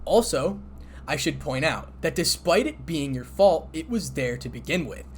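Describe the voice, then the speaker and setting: A man's voice: on the high side, big pitch swings, moderate pace, slight background noise, voice pushed up. A man voicing a resentful, cold-hearted young man who speaks bluntly and sarcastically in a fan story reading. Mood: bitter blunt.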